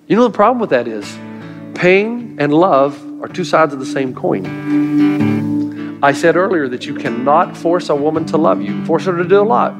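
Middle-aged guy pastor preaching to a church crowd, a bit high voiced, faint guitar in the back. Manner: storytelling preacher, earnest with light humor. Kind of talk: sermon. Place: church before a live congregation.

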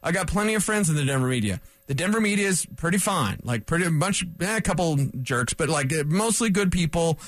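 A man hosting a solo sports radio show, ranting bluntly and mocking other reporters in quick put-on voices. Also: fairly high pitch. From rural area. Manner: blunt, animated, mocking impressions. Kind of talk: solo sports talk rant.

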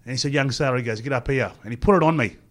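A man's voice: mid-range voice, very fast. A middle-aged man with an Australian accent, a former rugby player telling long rambling stories as an interview guest and acting out what others said. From Queensland, Australia. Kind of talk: storytelling interview.

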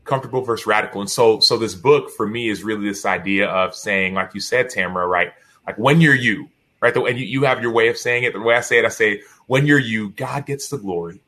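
Casting note: man in his thirties, bright, forward tone, lively podcast guest who acts out the voices in his stories. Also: fairly low pitch, quick pace. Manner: animated storyteller, acts out quotes, frequent "right?". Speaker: guest author. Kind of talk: podcast interview storytelling.

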